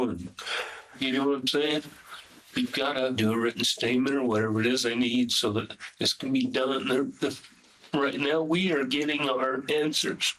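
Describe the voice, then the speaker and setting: A man's voice: mid-range voice, fairly bright tone, rough recording. A man pleading urgently with his son during a police interview, repeating himself as he presses him. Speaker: father.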